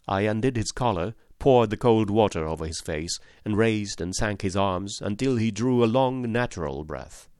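A man narrating a classic story in an expressive, dramatic reading style. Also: fairly low pitch, normal speed, hardly any pauses, clean tone, dry recording, studio quality. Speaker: audiobook narrator.

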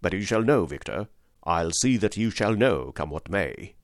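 An old father, nervous and pleading, read by a man. His voice sits low and quiet. The recording is dry and close. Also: big pitch swings, moderate pace, no echo.

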